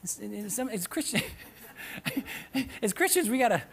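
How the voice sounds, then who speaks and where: Animated, bright-voiced male pastor preaching. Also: very high-pitched, takes it slowly, gravelly, a little hiss or hum. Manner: animated preaching, bursts into shouts, chuckles often. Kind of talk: sermon. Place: church sanctuary with live audience.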